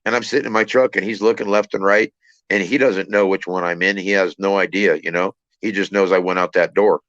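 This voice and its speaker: A man telling a personal story in a casual, halting way, repeating words and using many fillers. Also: sits low, steady tone, a bit bright, no echo, dull audio. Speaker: trucker channel host.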